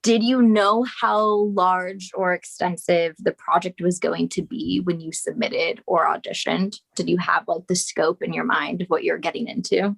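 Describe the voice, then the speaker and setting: A woman co-director hosting a casual group video chat, telling a lively story with lots of "like" and acted-out reactions. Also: on the low side, normal speed, vocal fry, hardly any pauses. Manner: chatty storyteller, many "like"s, acts out her reactions. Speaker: co-director and host.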